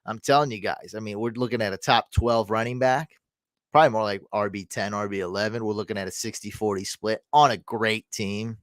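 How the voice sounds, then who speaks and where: A man hosting a live fantasy football stream, casually answering viewer comments and often breaking into excited, loud cheering. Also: on the low side, dry recording, clean studio sound. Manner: answers chat comments quickly. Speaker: fantasy football livestream host.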